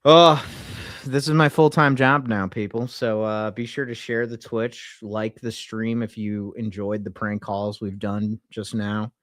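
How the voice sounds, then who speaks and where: Excitable, profane male streamer. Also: fairly low pitch, unhurried, few pauses, dry recording, clean studio sound. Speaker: streamer and prank caller. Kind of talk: casual live-stream chat.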